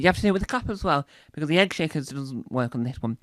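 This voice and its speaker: A man's voice: fairly high pitch, expressive, racing, no echo. A man with a Northern English accent performing a playful comedy routine, repeating words and singing silly phrases. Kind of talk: audio comedy special.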